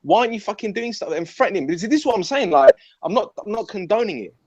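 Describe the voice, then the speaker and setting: High-voiced guy ranting about football, swears a lot, keeps repeating himself, muffled dry sound. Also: fast talker, dry recording. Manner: blunt, animated, sweary, repeats phrases. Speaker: football fan pundit. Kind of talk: heated casual football debate. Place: his mum's house. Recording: dull, muffled audio.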